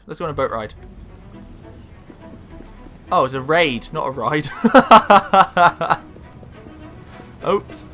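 A man casually commentating on his own gameplay, sweary and excitable, talking back to the characters on screen. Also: fairly high pitch. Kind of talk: casual let's-play commentary.

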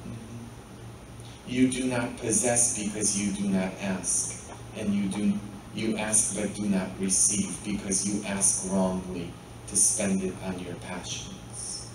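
A man preaching a sermon as pastor, often pausing to ask the congregation "hmm?". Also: lowish voice, little pitch movement, background noise. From Poland. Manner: asks the congregation frequent rhetorical "hmm?" questions. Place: church. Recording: very echoey church, mic far off.

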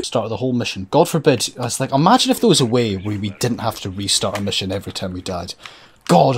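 A man's voice: mid-range voice, husky. Sweary, sarcastic gaming commentator man. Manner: sarcastic, sweary, laughing at the game. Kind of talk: let's-play commentary.

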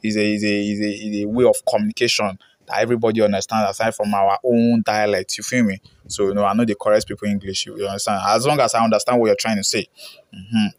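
A man's voice: fairly low pitch, little pitch movement, fast, dry recording. Chatty Ghanaian man reading comments. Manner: chatty, slips into pidgin, reads comments aloud. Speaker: reaction channel host.

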